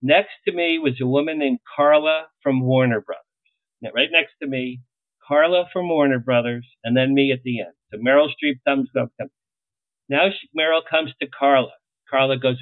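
A middle-aged man, a publicist, telling lively anecdotes in an interview and acting out the lines he quotes. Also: medium pitch, moderate pace, no room sound. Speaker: publicist guest. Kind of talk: storytelling interview. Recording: tinny phone-like line, dry.

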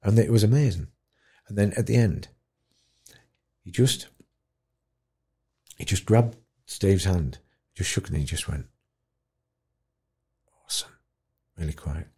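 A man telling a moving story in an interview, acting out other people's voices and dropping to a hush at tender moments. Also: deep voice, measured pace, pauses often, slightly rough. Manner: animated storyteller, acts out voices, drops to quiet. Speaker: guest, dementia campaigner. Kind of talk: storytelling in conversation.

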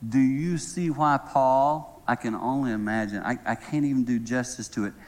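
A middle-aged man preaching a sermon, telling a humorous story in a lively way and then praying softly. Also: normal speed. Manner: lively, humorous storyteller who drops to a soft, low tone to pray. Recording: long reverb of a large hall.

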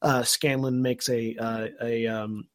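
A man's voice: medium pitch, level tone, slow. A man co-hosting a podcast, recapping an episode at length in a thoughtful, filler-heavy way. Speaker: podcast co-host. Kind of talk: casual podcast discussion.

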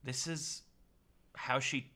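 A man's voice: medium pitch, fairly even intonation, slow, bright, forceful tone. A young man co-hosting a casual chat, rambling with many restarts. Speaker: podcast co-host.

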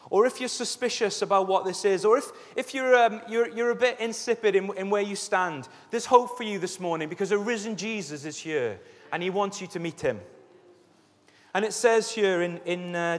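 A man preaching a sermon as a pastor, telling Bible stories in a lively way and acting out the scenes. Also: high-pitched. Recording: echoey hall reverb.

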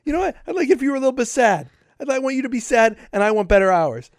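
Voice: high-pitched, very animated, rapid-fire, no room sound, clean studio sound, pitched above the performer's own voice. A podcast host voicing a grumpy, bitter crewman who gripes with profane sarcasm. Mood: griping.

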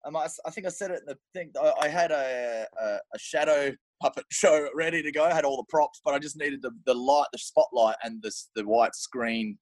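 A man's voice: on the high side, brisk, few pauses, no room sound. A middle-aged man with an Australian accent, a stand-up comedian rambling through stories with frequent giggles in casual chat on a call.

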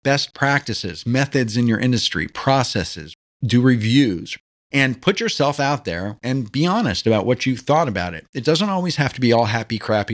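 A man with a mid-range voice talks straight into the mic, hosting his own branding podcast. He keeps it conversational and animated, throwing rhetorical questions at his listeners. He is recording on his own, in a home studio. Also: mid-range voice, moderate pace. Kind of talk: solo podcast monologue.

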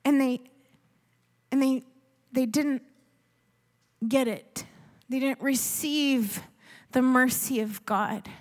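A woman preaching a sermon, earnest and pleading, sometimes dropping to a hush. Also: high-pitched, takes it slowly, pauses often. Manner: earnest, pleading, with soft hushed asides.

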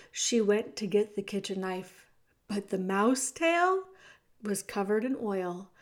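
A woman narrating a children's storybook, leaning into the action and speaking directly to the reader. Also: a little high. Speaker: audiobook narrator.

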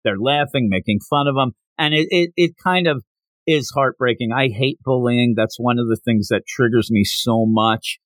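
A man hosting a podcast, recapping a comic in animated casual talk and acting out the lines. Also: mid-range voice, moderate pace, no echo. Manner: animated, acts out quotes. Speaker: podcast host.

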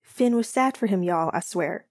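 A woman voicing an excitable young man, showing off a plant on a livestream with big playful gestures. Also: mid-range voice, moderate pace, no room sound, studio quality. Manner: animated, playful, over-the-top enthusiasm. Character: young man, hockey player, proud plant lover.

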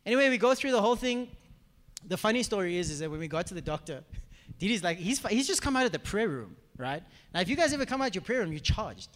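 A man's voice: high-pitched, very animated, fast talker, a bit bright. A middle-aged male pastor, telling a personal testimony in a sermon and acting out the voices of the people in his story. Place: church hall before a congregation. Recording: echoey hall reverb.

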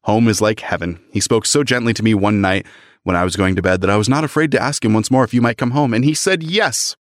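A young man on a casual book podcast, reading passages aloud with lively voices and joking about them. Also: fairly low pitch, fast talker, no echo, clean studio sound.

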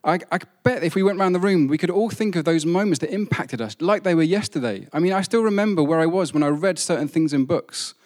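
A man's voice: a little high, expressive, quick pace, hardly any pauses, darkish tone. Conversational man preaching. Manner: conversational, self-deprecating humor. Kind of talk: sermon.

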